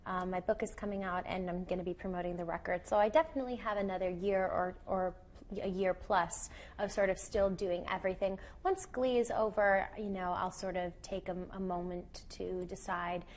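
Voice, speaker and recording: A young actress answering TV interview questions in a chatty way, full of "you know" fillers. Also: female voice, lowish voice, fairly even intonation, moderate pace. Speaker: actress and singer, interview guest.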